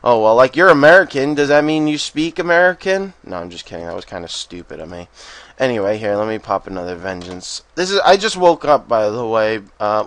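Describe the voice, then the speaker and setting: A man giving casual gameplay commentary, excitable and profane, often bursting into rapid panicked strings of "no" and laughing. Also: mid-range voice, dry recording. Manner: swears freely and laughs often. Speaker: game commentator.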